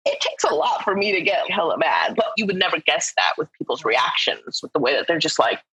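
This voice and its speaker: A woman's voice: low voice, brisk, husky, rough recording. A woman speaking as a podcast guest in a casual group discussion, talking animatedly with big swings in her voice and laughing as she talks. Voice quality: animated, lots of voice swings when excited.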